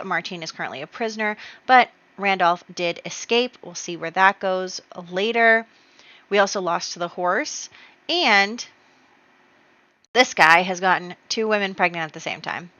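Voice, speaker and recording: A woman's voice: medium pitch, pushed and bright, no echo. A young woman casually narrating her life-simulation game, chatty and giggly with lots of fillers. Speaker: gaming channel host. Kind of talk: casual let's-play narration. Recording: slightly dull lo-fi dry voice.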